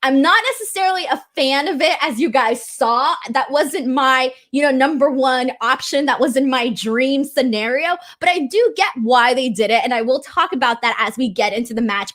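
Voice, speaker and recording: High-pitched woman host, casual chatty stream talk, full of fillers. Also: fairly bright tone. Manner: chatty, lots of fillers, earnest and grateful. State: voice cracking with emotion. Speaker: wrestling show host. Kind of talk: casual live-stream commentary.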